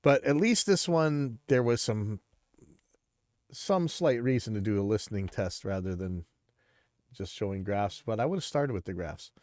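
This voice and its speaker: Stuffy male host, low voice, blunt rambling commentary, dry close sound. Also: animated, moderate pace, a little mellow, dry recording. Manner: blunt, rambling, many restarts. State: stuffy nose, clearing throat. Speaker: livestream host. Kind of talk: casual livestream commentary.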